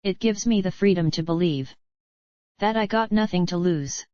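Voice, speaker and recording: A woman reading a calm resigned doctor. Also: lowish voice, normal speed, dry recording, lightly acted. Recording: dull lo-fi dry recording.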